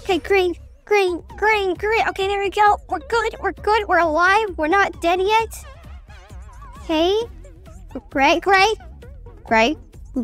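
A young woman chatting excitably and mocking herself while commentating a game. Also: high-pitched. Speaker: gaming streamer. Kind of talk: casual gameplay commentary.

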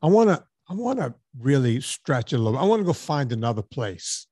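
A podcast host tells a story in casual chat, speaking a little fast in a medium-pitched, slightly rough voice. He's an animated storyteller who acts out the dialogue and swears casually, and the studio sound is clean with no room sound.

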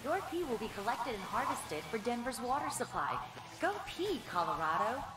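A woman's voice: on the high side, big pitch swings, moderate pace, echoey room, background noise. A woman voicing a cheerful water park announcer, making upbeat announcements.

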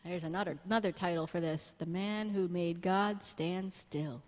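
A woman pastor preaching a sermon in a church, lively and humorous, with asides to the congregation. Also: on the low side, normal speed, long reverb tail, slight background noise. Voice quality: blind, jokes about herself.

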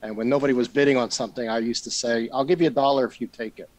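A man's voice: mid-range voice, steady tone, racing, darkish tone, no echo, low-quality recording. A man, a club member, chatting casually at a meeting and adding joking asides.

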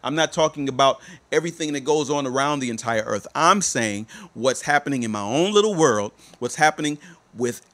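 A male life coach giving a motivational talk to listeners, repeating rhetorical questions and moving between soft, drawn-out phrases and emphatic ones. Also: mid-range voice.

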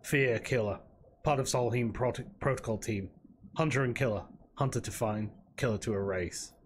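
A man's voice: mid-range voice, normal speed, close to an everyday voice. Man reading as a clipped, hissing vending-machine AI. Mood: clipped, urgent. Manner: clipped fragmented speech. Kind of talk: reading game dialogue aloud.

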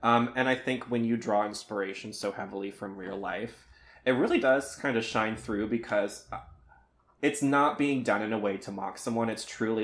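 A man's voice: on the low side, moderate pace, fairly bright tone. A man co-hosting a podcast in casual chat, rambling and sometimes losing his train of thought. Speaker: podcast co-host.

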